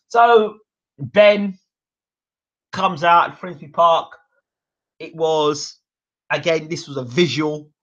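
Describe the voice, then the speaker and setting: A British man hosting a boxing channel, telling stories in a rambling, animated way with fillers and acted-out quotes. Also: fairly high pitch. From United Kingdom. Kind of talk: animated storytelling monologue. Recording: dull lo-fi sound.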